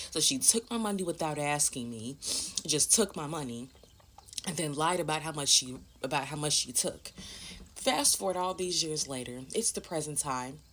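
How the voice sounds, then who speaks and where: Low-voiced blunt woman telling a story. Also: sharp tone. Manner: blunt and emphatic, swears freely. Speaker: vlogger. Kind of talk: casual personal storytelling.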